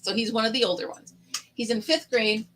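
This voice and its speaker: A woman's voice: a little high, steady tone, fairly quick, a bit bright, a little hiss or hum, poor audio. A middle-aged woman hosting a casual live chat stream, telling stories in a chatty way and laughing often.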